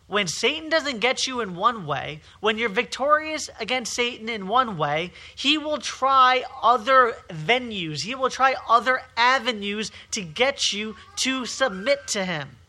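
High, very bright-voiced man preaching. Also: animated, a little slow, hardly any pauses. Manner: emphatic, repetitive preaching with rising and falling intensity. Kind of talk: sermon.

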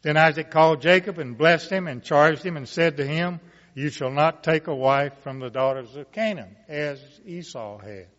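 A man preaching, reading Bible passages aloud and commenting on them in a slow, deliberate way with emphatic rises. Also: on the high side, a bit bright. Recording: muffled sound with long reverb.

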